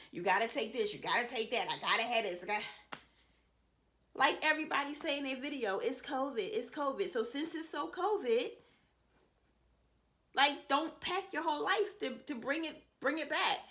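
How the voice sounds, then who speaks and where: A vlogger in her thirties, a mother of seven, offers other mothers casual, reassuring advice in a slightly high, somewhat bright voice. She sprinkles in plenty of "you know" and makes promises.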